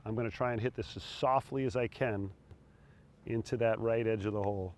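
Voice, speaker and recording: A middle-aged man coaching putting outdoors on a green, talking in a relaxed, encouraging way between putts. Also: lowish voice, a little fast. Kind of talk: on-course instruction.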